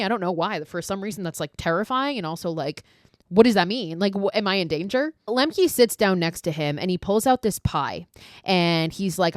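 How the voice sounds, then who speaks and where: A woman's voice: lowish voice, brisk, no room sound, clean studio sound. A woman hosting a podcast, recapping a film in a chatty, casual way, swearing freely and saying "like" often. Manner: chatty, profane, heavy use of "like". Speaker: podcast host.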